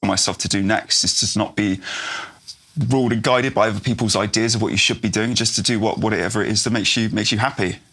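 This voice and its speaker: Husky, hesitant man interview guest. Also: lowish voice, fairly even intonation, quick pace, sharp tone. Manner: hesitant, repeats words, laughs a lot. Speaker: guest, slam poet. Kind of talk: casual interview chat.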